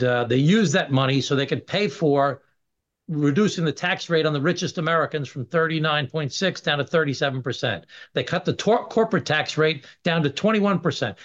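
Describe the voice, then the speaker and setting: A middle-aged man, a congressman guest on a radio interview, arguing in a forceful, emphatic way. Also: a little high. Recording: dull lo-fi radio sound.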